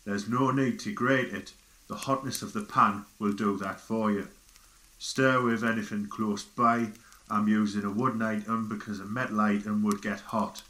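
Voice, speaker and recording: A man voicing a hairy, gruff male Geordie biker cook with a Geordie accent, giving a deadpan comic recipe demonstration in an echoey recording. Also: on the low side. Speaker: recipe presenter. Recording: echoey, sounds like a station tannoy.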